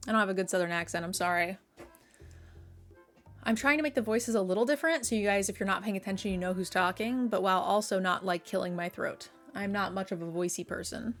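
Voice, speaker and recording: A chatty, jokey woman livestreaming a game, speaking in a mid-range voice. Soft game music hums in the background. She talks casually and quickly. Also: medium pitch. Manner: chatty, thanks subscribers, jokey. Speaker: streamer. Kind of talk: casual live-stream chat while playing a game.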